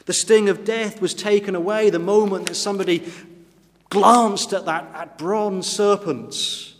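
A man's voice: high-pitched, fairly even intonation, measured pace. A man preaching a sermon, retelling the story dramatically and voicing the doubts of the crowd. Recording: long reverb of a church hall.

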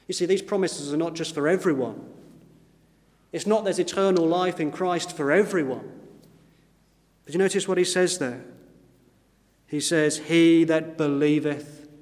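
A man preaching a sermon in an earnest style, slowing down whenever he quotes scripture. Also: a little high, a little mellow, big-room sound. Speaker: pastor. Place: church.

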